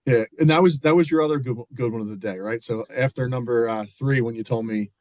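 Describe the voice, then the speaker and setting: A man's voice: mid-range voice, quick pace, a little mellow, no echo. A man co-hosting a casual golf podcast, joking and teasing his guest. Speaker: podcast co-host.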